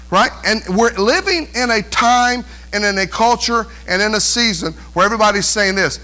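Male pastor preaching in church; very high, bright voice, emphatic delivery, lots of rhetorical questions. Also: moderate pace, hardly any pauses, rough recording. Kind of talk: sermon.

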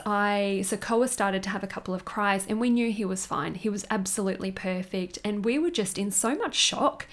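A young woman hosting a podcast, telling a personal story candidly and emotionally, laughing often. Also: mid-range voice. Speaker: podcast host.

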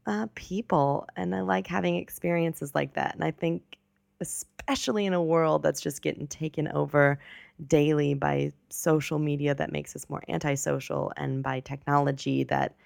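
A woman in her twenties telling a story on her podcast in a rambling, self-correcting, chatty way. Her voice is low and gravelly, recorded close on a podcast mic with a dry sound and no room echo. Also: steady tone, normal speed, a little mellow. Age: 20s. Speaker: podcast host. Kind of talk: casual storytelling monologue.

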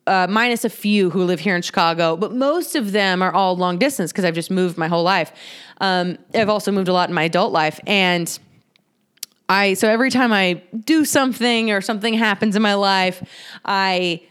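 Candid young woman in a swearing monologue. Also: smooth. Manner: candid, swears freely, animated quoting with sudden high-pitched outbursts. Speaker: podcaster sharing personal stories. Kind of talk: casual personal monologue. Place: home in Chicago.

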